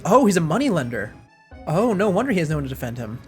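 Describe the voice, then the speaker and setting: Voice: medium pitch, very animated, quick pace, soft background music. Streamer thinking aloud through a detective game, casual and chatty. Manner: musing, chatty, self-deprecating. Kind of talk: live game playthrough commentary.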